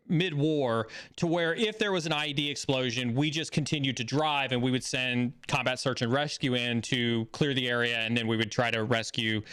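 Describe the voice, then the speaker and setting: A man hosting a live stream, telling a story in a casual, animated way that rises excitedly when he acts out a scene. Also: mid-range voice, clean tone. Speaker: stream host.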